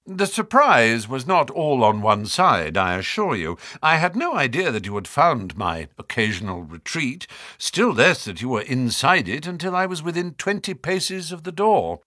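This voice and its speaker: A man's voice: mid-range voice, sing-song, normal speed, few pauses, pushed and bright, no room sound, studio quality, voice pushed up. A man reading the part of a keen, cool-headed detective in an audiobook, cold, incisive and ironic. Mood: dry, amused.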